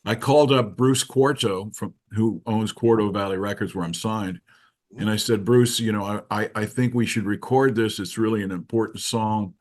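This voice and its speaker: Low-voiced man telling a story. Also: normal speed. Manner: animated storyteller, acts out quoted voices. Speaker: interview guest, keyboard musician. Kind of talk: casual storytelling.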